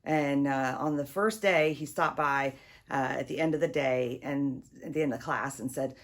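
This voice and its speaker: A middle-aged woman, a drama teacher, telling a personal story in a conversational, lively way. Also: rumbling low, normal speed. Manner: conversational, lively, acts out quotes.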